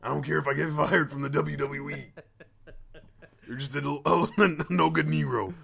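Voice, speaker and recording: A man's voice: on the high side, steady tone, normal speed, fairly bright tone, pitched above the performer's own voice. A man doing a comic impression of a bigoted wrestler speaking as an inner voice, saying "brother" again and again. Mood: trash-talking. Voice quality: gravelly, says "brother" constantly. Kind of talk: comedy impression sketch.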